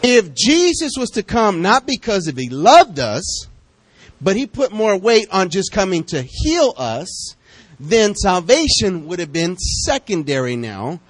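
A man preaching a sermon, talking straight to his congregation and bouncing between calm teaching and excited bursts. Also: unhurried, no echo, low-quality recording. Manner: lively, talks to the congregation directly; pitch jumps up high when excited.

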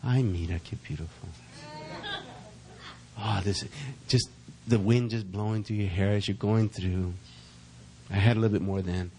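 A middle-aged man preaching a sermon as pastor, reading verses slowly and building in intensity, calling on the congregation to answer back. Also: lowish voice, fairly even intonation, darkish tone, slight background noise. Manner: calls for congregation responses.

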